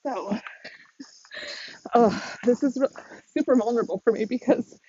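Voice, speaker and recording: A woman's voice: a little high, moderate pace, pauses often, dark tone, muffled recording. A woman, a mindset coach, talking candidly and emotionally on a live stream while walking outdoors, laughing often. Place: outdoors on a windy walk. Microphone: phone.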